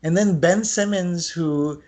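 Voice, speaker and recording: A man co-hosting a podcast in casual sports chat, talking in an animated, rambling way with lots of filler words. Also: fairly high pitch, slow pace. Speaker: podcast co-host.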